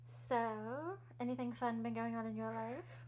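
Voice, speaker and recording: A woman hosting a podcast in a casual chat, bubbly, giggly and easily excited. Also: fairly high pitch, measured pace, a little hiss or hum. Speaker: podcast host.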